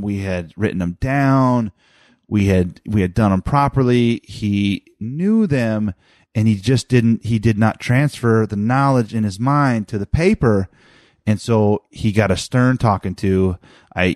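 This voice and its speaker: A man's voice: lowish voice, darkish tone, dry recording, clean studio sound. A man in his thirties chatting casually about his son, rambling with many restarts and fillers. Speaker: father telling a family story. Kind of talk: casual chat.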